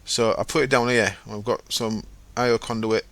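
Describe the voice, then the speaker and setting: A man's voice: lowish voice, fairly even intonation, moderate pace, a bit bright. Chatty man narrating gameplay. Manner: chatty, rambling, self-correcting. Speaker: gaming channel host. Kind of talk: casual gameplay commentary.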